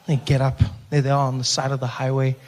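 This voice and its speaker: A man in his forties with a South African accent, telling a stand-up story with animated delivery. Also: mid-range voice, quick pace. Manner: animated storytelling, lots of voices. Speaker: stand-up comedian. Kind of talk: stand-up comedy.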